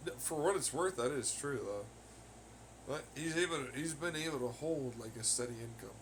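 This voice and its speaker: A man's voice: medium pitch, animated, normal speed, background noise. A young man rambling casually on his own podcast, cursing heavily as he rants. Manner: heavy swearing, ranting. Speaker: podcast host. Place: home on laundry day.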